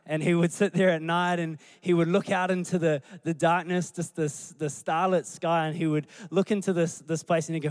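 A man, a pastor preaching a sermon through animated storytelling. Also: on the high side, brisk, hardly any pauses, clear, resonant tone, dry recording. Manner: animated storytelling, acting out scenes.

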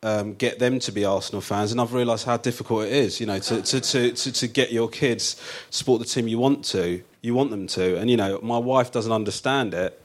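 A man's voice: medium pitch, brisk, few pauses. A man, a comedian guest telling stories on a live show in a chatty, self-mocking way, often laughing at his own jokes. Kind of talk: comic storytelling on a live show. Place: theatre stage before a live audience.

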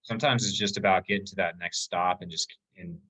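A man's voice: sits low, fairly even intonation, a little fast, fairly bright tone, breathy edge, low-quality recording. A man on a podcast, telling an emotional story about an ultramarathon in a casual, rambling way with many fillers.

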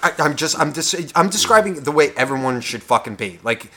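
A young man co-hosting a podcast, ranting in a profane, heated way, swinging between loud outbursts and whispers. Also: a little high, expressive, fairly quick. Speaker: podcast co-host. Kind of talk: casual podcast rant.

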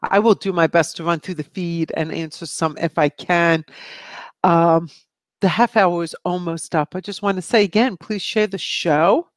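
With a fairly low, steady voice at a moderate pace and no room sound, a middle-aged woman runs a live psychic question show. She reads viewers' questions breezily, chats freely, and laughs often.

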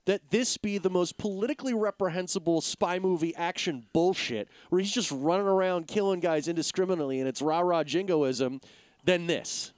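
Sardonic man with a smooth voice. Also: sits high, darkish tone, no echo. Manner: sardonic, profane, quick jokes. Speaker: podcast co-host. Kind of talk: casual movie review chat.

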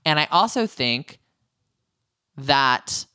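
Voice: mid-range voice, animated, very slow, pushed and bright, smooth, dry recording, studio quality. A podcast co-host chatting casually and opinionatedly in a reality-TV recap, with jokey asides.

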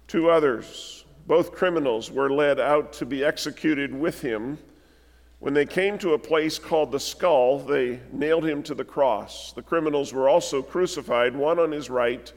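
A male pastor delivering a sermon and reading scripture aloud in a measured, deliberate way, recorded in a large church sanctuary. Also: medium pitch. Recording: long church hall reverb.

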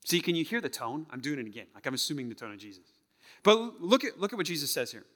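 A male pastor preaching a sermon, acting out tones of voice and sometimes dropping to a hush. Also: a little high, fast talker, big-room sound. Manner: animated, acts out tones of voice, drops to a hush. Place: church sanctuary.

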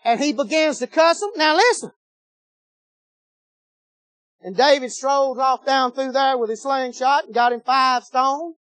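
A preacher delivering a sermon in a high, excitable voice, folksy and animated as he tells his story. The sound is dry and close-miked, with no room echo. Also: normal speed. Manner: folksy, animated storytelling, swings from shouting to low tones.

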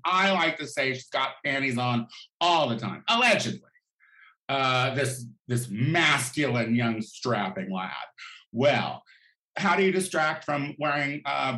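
Sassy, campy man ranting with swooping pitch. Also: a bit bright. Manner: sassy, campy, profane, exaggerated outbursts. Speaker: vlogger. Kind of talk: comedic rant. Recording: echoey room.

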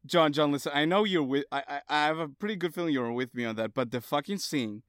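A man's voice: on the high side, fast, a bit bright, no room sound, studio quality. A man in casual chat, emphatic and exclaiming, swearing heavily.

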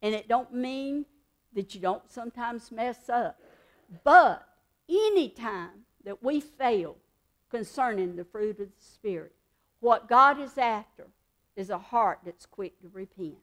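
A woman's voice: on the high side, expressive, unhurried, fairly bright tone. A woman giving a devotional teaching in an earnest, conversational way, repeating key points for emphasis. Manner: emphatic repetition. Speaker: Christian speaker.

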